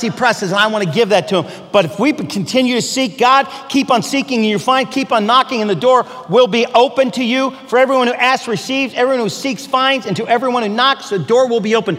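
Male pastor, high and bright-toned, sermon delivery with soft-to-loud swings, recorded in a reverberant hall.

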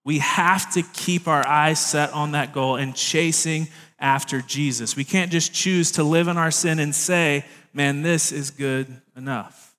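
A man's voice: on the high side, steady tone, unhurried, a bit bright. A young man preaching a sermon in a casual, conversational way, with jokey asides to the congregation. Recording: long hall reverb.

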